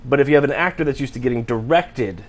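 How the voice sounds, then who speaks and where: A man's voice: medium pitch, lively intonation, quick pace. A man co-hosting a casual comedy chat, rambling and restarting as he tells stories. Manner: rambling, stammering storyteller. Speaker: co-host.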